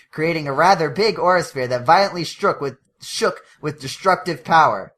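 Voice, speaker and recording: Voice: mid-range voice, moderate pace, hardly any pauses, a bit bright. A podcast co-host reading fanfiction aloud, breaking into laughs and correcting stumbles along the way. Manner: reads with frequent laughs and self-corrections.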